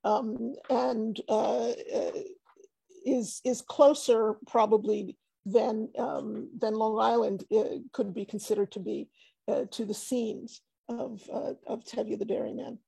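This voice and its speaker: A woman's voice: a little high, fairly even intonation, takes it slowly, creaky, warm tone, breathy edge, no room sound. A woman giving an academic panel talk over a video call, hesitant with many fillers and restarts.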